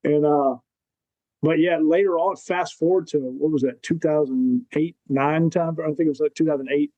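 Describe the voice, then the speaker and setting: A man with a fairly high but mellow, warm voice tells war stories on a podcast. He slips into the voices of the people in his stories as he goes. The sound is dry and close. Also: moderate pace, no echo, highs cut off. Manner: animated storyteller who acts out quotes. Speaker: podcast guest, Marine veteran. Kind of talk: casual storytelling.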